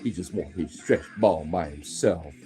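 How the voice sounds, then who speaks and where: A man's voice: deep voice, measured pace, warm tone, soft background music. A young man streaming casually from home, cooing baby talk at his pets and swearing freely. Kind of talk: casual live-stream chat.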